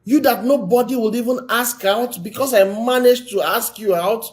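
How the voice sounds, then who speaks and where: A man's voice: very high voice, moderate pace, voice pushed up. A man acting out a contemptuous young man who belittles his girlfriend in a taunting, scornful voice.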